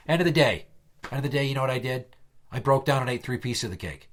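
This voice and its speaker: A man hosting a podcast, telling a workplace story in casual chat, swearing often and loudly acting out what people said. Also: mid-range voice, quick pace. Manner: animated, profane, acts out quotes loudly. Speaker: podcast host.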